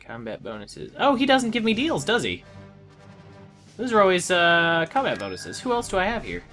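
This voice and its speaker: A man's voice: sits high, huge pitch swings, normal speed, bright, forceful tone, faint music behind. A man giving casual gameplay commentary, talking to the game with exasperated outbursts. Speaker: let's play gamer.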